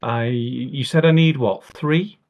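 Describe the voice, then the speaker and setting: A man's voice: medium pitch, takes it slowly, vocal fry, highs cut off. Easygoing male tabletop player. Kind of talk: casual tabletop play. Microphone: computer mic on a voice call.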